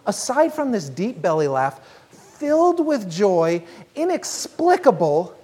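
Woman, preacher, sermon storytelling, earnest, measured, breathy, lively pitch. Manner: earnest, measured, slows down on key phrases.

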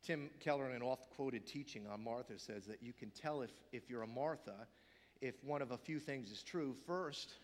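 A man preaching a sermon as pastor, swinging from loud emphatic peaks down to hushed, whispered quotes. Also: medium pitch, normal speed, in a large hall.

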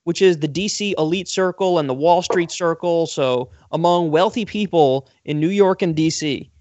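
A man's voice: fairly high pitch, moderate pace, a little mellow, dry recording. A man hosting a political commentary talk show, ranting sarcastically and swearing freely.

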